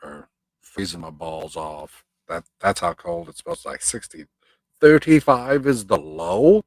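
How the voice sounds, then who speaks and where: Speaking at a measured pace, he sounds animated, and his voice sits low. He runs a live stream, reads viewer comments aloud, and chats loosely, full of profanity and rambling tangents that turn into rants. The recording is dry and low quality.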